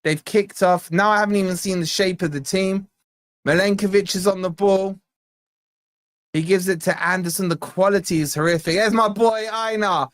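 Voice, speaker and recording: A man's voice: high voice, steady tone, normal speed, dry recording. A young man hosting a live football watch-along, bantering with the chat and reading out donation messages in a jokey way. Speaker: fan channel host.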